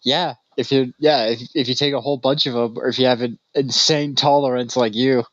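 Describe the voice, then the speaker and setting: A man's voice: medium pitch, fairly even intonation, a little fast, fairly bright tone, no echo. A man co-hosting a podcast in casual chat, a loose, rambling storyteller who laughs often. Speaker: podcast co-host. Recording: dry, slightly dull recording.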